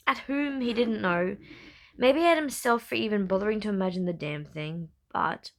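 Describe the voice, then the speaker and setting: A woman reads a romance novel aloud, unedited, with occasional stumbles and self-corrections. Her voice carries a noticeable gravelly fry at a middling pitch for a woman. The pace is steady and the delivery plainly read, like a hobby audiobook. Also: normal speed. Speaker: narrator.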